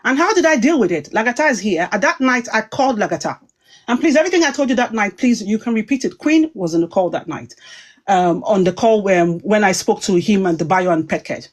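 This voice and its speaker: A woman's voice: medium pitch, expressive, brisk. A woman talking heatedly on a livestream, emphatic and rambling as she goes. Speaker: online commentator.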